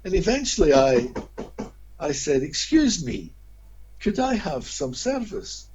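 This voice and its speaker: A man's voice: on the high side, slow, husky. A man telling vivid anecdotes as a guest in an interview. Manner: animated, expressive storyteller. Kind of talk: anecdotal storytelling. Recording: dull lo-fi audio.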